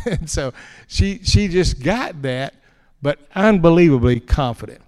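A man's voice: a little high, unhurried. A man, preaching in a folksy, anecdotal way to an audience. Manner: folksy and animated, tells anecdotes with chuckles and repeated words. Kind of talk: folksy storytelling talk to an audience. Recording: long hall reverb.

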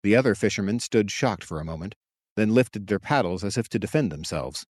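A man reading his own story aloud in steady, measured audiobook narration. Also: fairly low pitch, no echo, studio quality. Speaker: author and narrator.

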